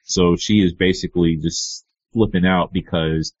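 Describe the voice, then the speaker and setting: A man co-hosting a casual comic book podcast, relaxed and full of fillers. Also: deep voice, moderate pace, dry recording, lo-fi sound. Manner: relaxed, frequent "you know" and "uh". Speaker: podcast co-host.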